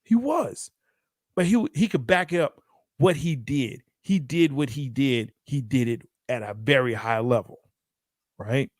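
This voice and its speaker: A man hosting a casual sports debate show, animated, laughing often and acting out quotes. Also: mid-range voice, measured pace, no echo, studio quality.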